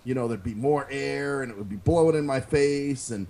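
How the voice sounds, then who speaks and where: A man's voice: medium pitch, normal speed. A man co-hosting a podcast in casual, profane chat, telling stories and acting out what people said. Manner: animated storyteller, acts out quotes, curses freely. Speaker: podcast co-host.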